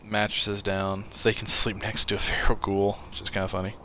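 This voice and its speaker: A man's voice: on the low side, monotone, a little fast, a bit bright, a little hiss or hum. A man giving casual, rambling commentary while playing a game and chatting. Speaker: gameplay streamer.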